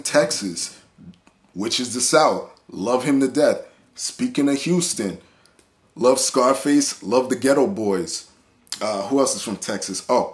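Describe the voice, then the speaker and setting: A man ranting to the camera about hip-hop in a blunt, profane, heated way, listing examples and restarting his sentences. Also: mid-range voice. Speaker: hip-hop vlogger and reviewer. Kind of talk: profane unscripted rant.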